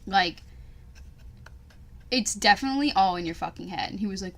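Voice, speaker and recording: Young woman, casual podcast chat, animated and profane, faint background noise. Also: mid-range voice, brisk, pauses often. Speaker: podcast co-host.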